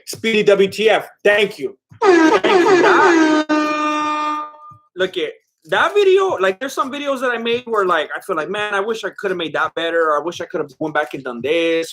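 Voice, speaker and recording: A man with a slightly high-pitched voice hosts a casual live stream. He chats loosely with his viewers and reads their comments aloud. He laughs often and drifts a bit while eating. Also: noisy background. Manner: chatty and scattered, laughing often. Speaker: livestream host. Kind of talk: casual live watch-along chat reading viewer comments.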